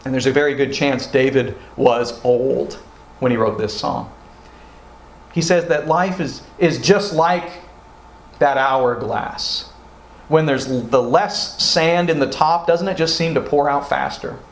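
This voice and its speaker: A man's voice: mid-range voice, measured pace, creaky. A man preaching a sermon as pastor, acting out quoted prayers with rising feeling. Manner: expressive, acts out quoted prayers with rising emotion. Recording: roomy echo.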